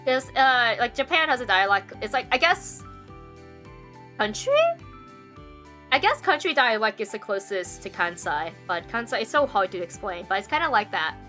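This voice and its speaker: A woman's voice: a little high, lively intonation, moderate pace, sharp tone, soft background music. A young adult woman livestreaming in casual chat. She rambles with many fillers and laughs often.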